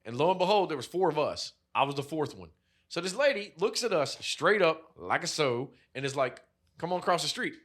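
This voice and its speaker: Swearing his way through a lively anecdote, this co-host of a podcast performs the characters' lines as he goes. He speaks a little fast, with a fairly high pitch.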